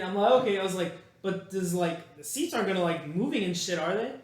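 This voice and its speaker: Animated young man telling a story. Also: sits high, fast talker, hardly any pauses, recorded from a distance. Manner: animated, swears freely, acts out sounds. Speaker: podcast co-host. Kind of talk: casual storytelling among friends. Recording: echoey room, off-mic.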